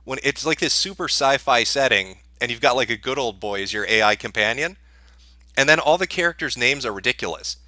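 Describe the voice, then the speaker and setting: A man's voice: medium pitch, animated, brisk, bright, forceful tone, no room sound, studio quality. A man answering viewer questions on a livestream in a sarcastic, profane, dismissive rant.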